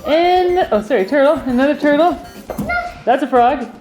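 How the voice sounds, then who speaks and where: A woman's voice: high voice, animated, moderate pace, muffled recording. A woman hosting a playful family video, cheerfully announcing each toy and laughing often. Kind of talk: playful commentary. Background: music.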